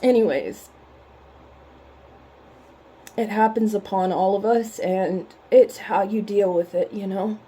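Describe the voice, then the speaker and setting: A woman's voice: mid-range voice, takes it slowly, pauses often, slightly rough. A woman hosting a reaction vlog, talking casually and emotionally, teary from crying and apologizing for it. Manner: emotional and tearful, apologetic, warmly chatty. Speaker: reaction channel host.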